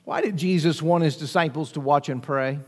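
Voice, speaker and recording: A man's voice: on the high side, brisk, in a large hall. A man preaching a sermon with emphatic delivery, asking rhetorical questions and acting out quoted lines. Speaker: pastor.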